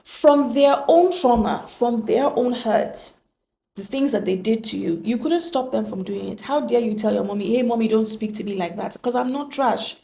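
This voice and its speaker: A woman's voice: fairly high pitch, moderate pace, creaky, warm tone, a little hiss or hum. A woman giving an earnest, emphatic motivational monologue on relationships, full of rhetorical questions. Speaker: relationship speaker.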